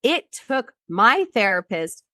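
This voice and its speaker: A woman's voice: mid-range voice, sing-song, slow pace, sharp tone, no echo. A woman in her thirties, a guest in an interview, telling a personal story bluntly and with frequent swearing, acting out what other people said.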